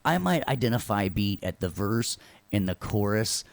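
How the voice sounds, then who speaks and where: A man teaches an informal online class in a low-leaning, sing-song, creaky voice at normal speed, with no echo. Joking and sarcastic at times, he keeps asking "right?" to make sure his students are with him.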